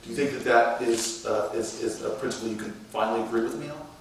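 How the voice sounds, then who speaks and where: A man telling a story on stage with animated delivery, acting out shouted quotes, from the United States. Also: medium pitch, fast, gravelly. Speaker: mayor and speaker. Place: large lecture hall. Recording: echoey hall from far off, noisy.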